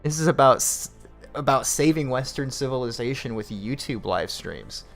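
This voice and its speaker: A man's voice: medium pitch, expressive, normal speed, gravelly, soft background music. A man hosting a late-night livestream, commenting on clips with sarcastic, profane mockery. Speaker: stream host.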